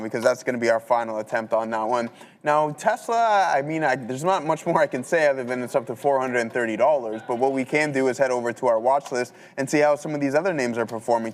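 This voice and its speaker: A man walks through his stock and options trades in live commentary. He talks casually, piling on fillers and asides. His voice rings with a long hall reverb. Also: mid-range voice. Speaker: trading show host.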